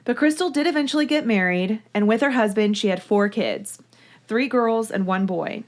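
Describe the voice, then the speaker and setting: A woman's voice: on the high side, moderate pace. A woman hosting a podcast, chatting casually and then narrating a true-crime case in a gushing, talkative way. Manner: chatty, gushing, reads listener mail aloud. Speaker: podcast host.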